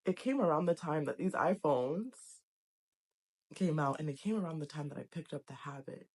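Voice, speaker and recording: A woman's voice: deep voice, animated, moderate pace, darkish tone. A young adult woman talking to camera in a casual vlog, earnest, emotional and encouraging. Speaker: vlogger. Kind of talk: casual heartfelt vlog talk.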